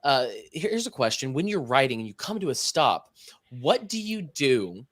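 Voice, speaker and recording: A young man on a podcast casually telling an animated story and acting out the dialogue. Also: medium pitch, normal speed, no echo, clean studio sound. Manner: animated anecdote teller, acts out quoted dialogue. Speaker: podcast co-host.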